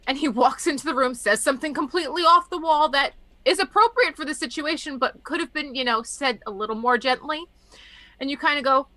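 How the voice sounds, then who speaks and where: A woman hosting a podcast, chatting casually and telling animated stories. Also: high-pitched, brisk, dry recording. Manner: animated storyteller acting out quotes. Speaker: podcast host. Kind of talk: casual chat.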